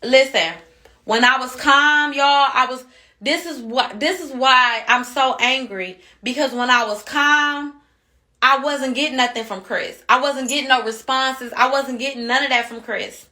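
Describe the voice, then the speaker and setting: High, bright-voiced furious mother. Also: a little slow. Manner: heated, cussing, repeats herself. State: upset and angry. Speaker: mother speaking on social media. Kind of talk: angry social media rant.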